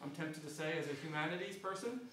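A male history lecturer with a New Zealand accent, giving an animated public talk and tagging "right?" onto his points. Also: a little high, quick pace, slight background noise. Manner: animated, frequent "right?" tag questions. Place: lecture hall. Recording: echoey hall from far off.

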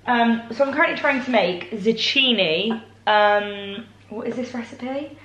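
A woman's voice: fairly high pitch, a little slow, a bit bright, lo-fi sound. A young woman with a British accent chatting casually to camera, narrating her day and her cooking with self-mocking asides. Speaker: vlogger. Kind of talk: casual vlog chat. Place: home kitchen.

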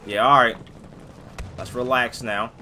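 A man hosting a gaming video, giving excited, slangy commentary while he plays, often yelping or shouting. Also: medium pitch, unhurried. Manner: jokey, yelps and shouts at sudden moments, slangy. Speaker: gaming channel host. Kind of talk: excited live gameplay commentary. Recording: gunfire and game noise clearly behind.

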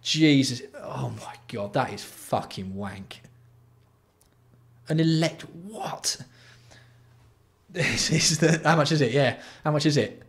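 A man's voice: on the high side, animated, slow pace, pauses often. A man hosting a live stream, ranting and swearing in exasperation while reacting to products. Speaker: livestream host. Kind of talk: casual live-stream commentary.

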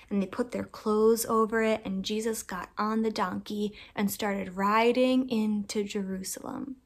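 A woman teaching children at church, telling a story with lively enthusiasm and talking straight to the kids. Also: medium pitch. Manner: animated, enthusiastic, speaks directly to kids.

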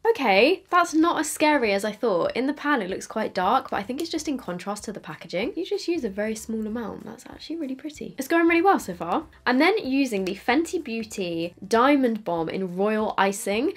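A woman's voice: a little high, animated, brisk, few pauses. Young woman, makeup vlogger, casual self-mocking chatter, drifts off mid-sentence while applying. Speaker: beauty vlogger. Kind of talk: casual makeup tutorial chat.

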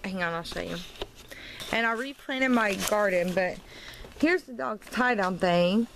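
A woman's voice: medium pitch, unhurried. Woman, casual vlog, tipsy and slurred, rambling, frustrated, handheld camera outdoors, faint background noise. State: tipsy, slightly slurred from wine. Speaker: vlogger. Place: at home and outdoors in her yard.

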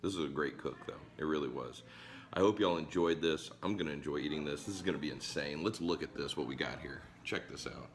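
A man, hoarse from a cold, chatting enthusiastically to viewers in a casual cooking vlog. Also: extremely low pitch, a little fast, a little hiss or hum. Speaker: cooking vlogger. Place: backyard grill and home kitchen.

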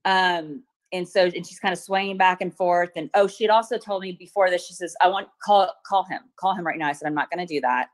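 Middle aged woman, lowish voice, testifying on a video call, lots of ums. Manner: hesitant, many pauses and ums. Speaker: witness testifying at a protective order hearing. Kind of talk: courtroom testimony, retelling events.

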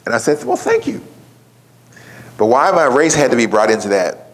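A man's voice: mid-range voice, expressive, quick pace. A man giving a keynote talk, telling a story in a conversational way and putting questions to a live audience. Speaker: keynote speaker.

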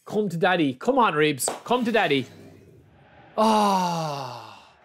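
A man's voice: sits high, big pitch swings, slow, fairly bright tone, slight background noise. A man with an Irish accent commenting live on a stream while opening player packs, repeating his exclamations and calling his viewers lads. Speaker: game streamer.

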